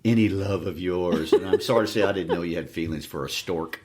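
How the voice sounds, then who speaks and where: A man's voice: sits low, brisk, a little mellow. A middle-aged man co-hosting a literature podcast, with a dry, teasing sense of humor. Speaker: podcast co-host. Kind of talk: casual literature discussion.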